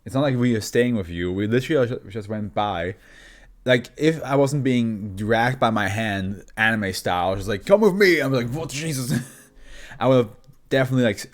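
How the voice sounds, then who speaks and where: A man's voice: fairly low pitch, normal speed. A man from Switzerland, a Swiss German native speaker, reads horror fiction files aloud and breaks off into rambling chat, laughing often. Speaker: channel host. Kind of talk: reading horror fiction files with chatty asides.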